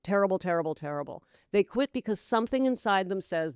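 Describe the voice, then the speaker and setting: Emphatic middle-aged woman, crisp and dry. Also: medium pitch, animated, fast talker, dry recording. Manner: warm, emphatic, calls listeners gals and my dear; dramatic voices and hushed whispers for effect. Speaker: podcast host, sobriety coach. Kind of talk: motivational monologue.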